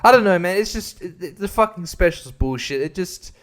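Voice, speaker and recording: A man's voice: high-pitched, lively intonation, moderate pace. A man hosting a podcast, ranting in a casual, sarcastic way with lots of swearing and laughs at his own jokes. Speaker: podcast host and comedian.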